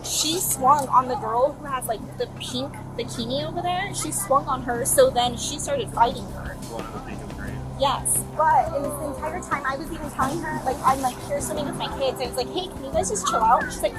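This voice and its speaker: A woman's voice: sits high, music in the background. A woman, a mother at the pool, earnestly telling police what she saw outdoors. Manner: earnest, hurried recounting. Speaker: witness, mother.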